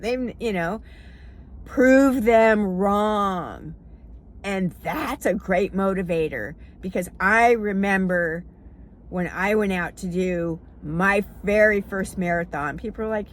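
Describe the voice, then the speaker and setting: A woman's voice: medium pitch, a little slow, a little hiss or hum. A middle-aged woman, a running coach, talking casually and encouragingly to the camera, with frequent ums. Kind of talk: casual advice talk to camera.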